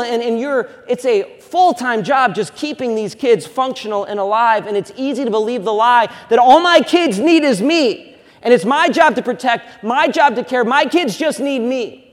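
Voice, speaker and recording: A man in his thirties preaches in a church sanctuary with a fairly high voice. He swings from loud, emphatic lines to hushed, personal storytelling. A long reverb from the big hall trails behind his words. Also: animated, moderate pace. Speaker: pastor. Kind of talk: sermon.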